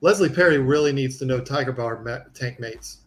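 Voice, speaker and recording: A man's voice: medium pitch, brisk. A man talking casually and bluntly about aquarium fish and online channels, laughing often. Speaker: aquarium YouTuber. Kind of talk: casual live-stream chat.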